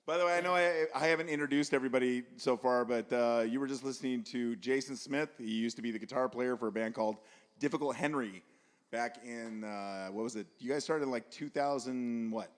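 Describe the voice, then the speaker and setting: A man's voice: medium pitch, fairly quick. A man hosting a casual podcast at a house party, laid-back, laughing often and swearing casually. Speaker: podcast host.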